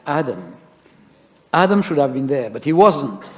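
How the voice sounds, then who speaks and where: A man's voice: medium pitch, very animated, measured pace. Male pastor preaching in a reverberant church. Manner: storytelling preacher with rhetorical questions. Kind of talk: sermon. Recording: long church-hall reverb.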